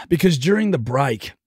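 A man's voice: on the high side, lively intonation, unhurried, slightly rough, no echo, clean studio sound. A man with an Australian accent co-hosting a radio show, chatting casually, teasing and laughing often. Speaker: radio co-host. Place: radio studio.

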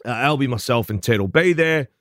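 A man's voice: mid-range voice, expressive, brisk, a bit bright, dry recording, studio quality. Chatty Australian radio breakfast host man. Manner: chatty anecdote teller, self-deprecating. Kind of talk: casual radio banter, storytelling.

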